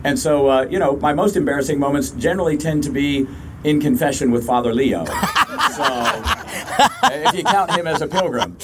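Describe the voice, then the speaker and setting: A man hosting a live radio segment on an outdoor deck, his voice somewhat higher than usual. He is chatty and upbeat, reading out callers and joking with his co-host. Faint outdoor ambience runs underneath. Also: expressive, a little fast, background noise. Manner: upbeat, chatty, laughs along. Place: outdoors on a river cruise ship deck.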